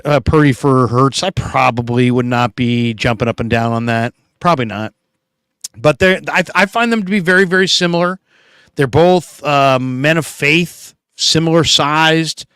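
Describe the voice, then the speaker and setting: A middle-aged man hosts a casual live stream in a medium-pitched, fairly bright, clean voice, captured dry with clean studio sound. Laid-back and chatty, he reads viewer comments aloud and answers them with quick asides.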